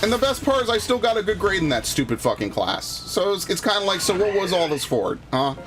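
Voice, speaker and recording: A man's voice: high-pitched, sing-song, fairly quick, fairly bright tone, soft background music. A man streaming a video game, chatting casually and ranting heatedly with lots of swearing and restarts. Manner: profane, heated storytelling with frequent restarts. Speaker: gaming streamer. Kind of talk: casual gameplay commentary and ranting.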